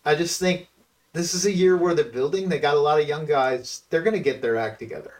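A man calling in as a political consultant guest on a talk radio show, sounding set back from the mic. His voice sits a bit high, and he hesitates with plenty of ums. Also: brisk, darkish tone, recorded from a distance, low-quality recording. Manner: distracted, hesitant, lots of ums. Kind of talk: casual political radio chat.

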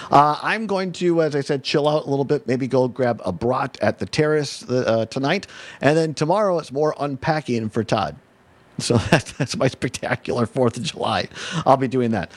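A man hosting a casual chat show, animated, laughing often and restarting his sentences. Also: mid-range voice. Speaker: show host.

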